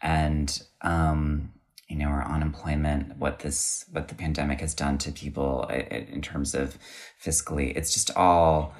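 A man's voice: very deep voice, level tone, unhurried. A man talking reflectively in a casual conversation, often restarting his sentences. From United States.

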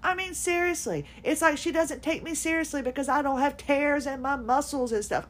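A woman's voice: high voice, moderate pace, few pauses, a bit bright. A woman podcast host telling a story in an exasperated, sarcastic way, with laughs mixed in. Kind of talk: casual personal venting monologue.

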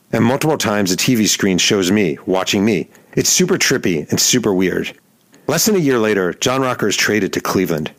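A middle-aged man narrating his own story as a podcast host, dry and deadpan, now and then shouting out quoted lines. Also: fairly low pitch. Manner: wry, deadpan narration with heated acted-out quotes. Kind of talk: scripted first-person storytelling.

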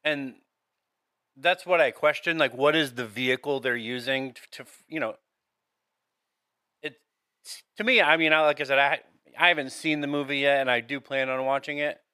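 Smooth bright podcast man, hesitant. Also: mid-range voice, normal speed, no room sound, studio quality. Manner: hesitant, skeptical, restarts often. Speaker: podcast co-host. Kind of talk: casual chat.

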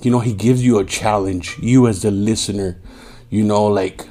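A man's voice: fairly low pitch, fairly even intonation, moderate pace, darkish tone, faint music behind. A tired man hosting a casual solo podcast, profane and streetwise, saying "yo" a lot. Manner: profane, streetwise, says "yo" often; mimics angry drivers in raised voice. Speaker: podcast host.

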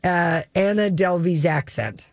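A woman's voice: fairly low pitch, animated, measured pace. A woman co-hosting a casual entertainment chat show, talking in a chatty way and often restarting her sentences. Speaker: co-host.

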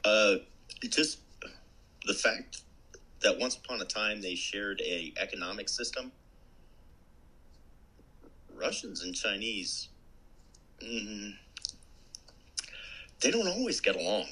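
A middle-aged man talks as a guest in a podcast chat, blunt and profane with dry humor. His voice is husky, with a bright, forceful edge. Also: lowish voice, very animated, takes it slowly, long pauses, low-quality recording. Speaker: guest, army tank veteran. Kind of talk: casual chat.

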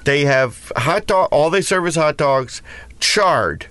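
A man telling loose, rambling stories on a comedy podcast. His voice sits a little high, and he laughs easily between lines. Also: animated, slow pace, a bit bright, slight background noise. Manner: rambling storyteller, laughs often. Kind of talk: casual comedic chat.

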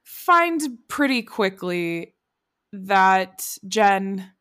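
A woman's voice: medium pitch, big pitch swings, extremely slow, fairly bright tone, smooth. A woman co-hosting a podcast, chattily recapping episodes in casual conversation with laughter. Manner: chatty plot recap, drifting into quoted voices and laughter. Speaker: podcast co-host. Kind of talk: casual chat.

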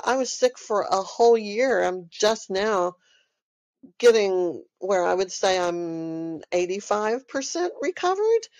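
Texan lady rambling on her podcast, lots of ums, mid pitch, dry close mic. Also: darkish tone, no room sound. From Texas. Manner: rambling, emphatic, with frequent fillers. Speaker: podcast host. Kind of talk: casual solo talk.

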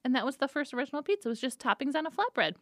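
A woman's voice: sits high, sing-song, very fast, a bit bright, no room sound, studio quality. A young woman co-hosting a casual snack podcast, teasing and chatty with lots of fillers. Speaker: co-host presenting pizza facts.

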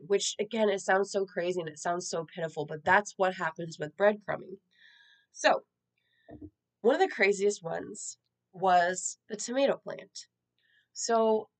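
A woman creator speaking candidly and reflectively about her own experiences, in a conversational personal-storytelling style. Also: mid-range voice. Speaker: social media creator.

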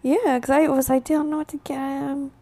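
High-voiced teasing young woman. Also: flat delivery, moderate pace, mellow. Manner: teasing, exasperated, giggly. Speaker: podcast co-host. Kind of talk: casual couple chat.

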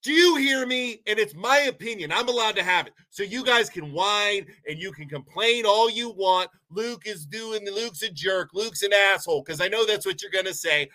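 A man's voice: sits high, normal speed, few pauses, pushed and bright. A man from Ohio delivering a heated, sarcastic rant as a local commentator, sounding a bit sick. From Poland, Ohio, USA. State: sick, unwell. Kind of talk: ranting monologue.

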